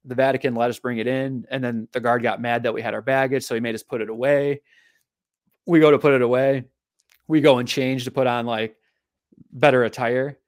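A man, a physical therapist and author, telling a long personal story in a podcast interview, animated and often repeating his words. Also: medium pitch, fairly quick, dry recording, studio quality.

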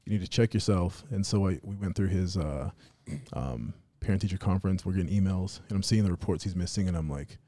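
A man's voice: low-pitched, brisk, dark tone, no room sound. A man in his thirties chatting casually on a podcast, laid-back and filling his talk with "dude" and "you know what I mean.".

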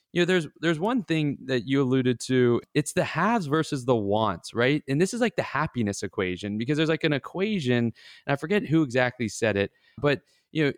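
A man talks through his ideas in a loose, rambling way, often tacking on a "right?". His voice sits at a middle pitch. The sound is dry and close, with no room around it. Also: no room sound. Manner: rambling, explanatory, tags lines with "right?". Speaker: financial wellness advisor, podcast co-host. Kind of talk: casual podcast chat.

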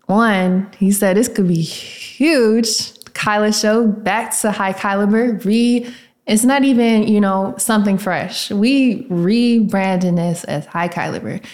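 A woman's voice: mid-range voice, mellow. A woman, hosting a solo podcast in a reflective, motivational, casual way. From Tennessee, USA. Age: 20s. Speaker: podcast host.

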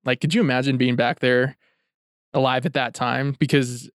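Young man, mid-pitch, earnest and reflective, dry close mic; casual talk-show co-host. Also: level tone, moderate pace, no echo. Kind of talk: casual chat.

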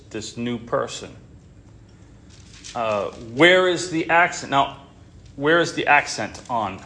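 A man's voice: medium pitch, sharp tone, slight background noise. A man teaching a Bible class in an informal way, often stopping short, restarting and repeating words as he talks.

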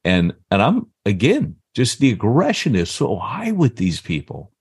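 A man in his fifties with a lowish, husky voice speaks a little slowly as a podcast co-host. He tells a story casually and animatedly, acting out the voices of the people in it. The sound is clean studio quality with no echo.

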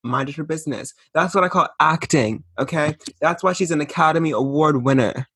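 A man's voice: on the high side, a little fast, sharp tone, slightly rough, dry recording. A man co-hosting a casual pop-culture chat, sassy and emphatic with campy asides. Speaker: podcast co-host.

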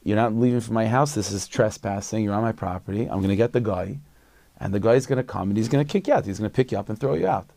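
A man's voice: fairly low pitch, quick pace, vocal fry, dark tone, dry recording. A man voicing a stern male rebbe who questions and orders a visitor out with curt commands.

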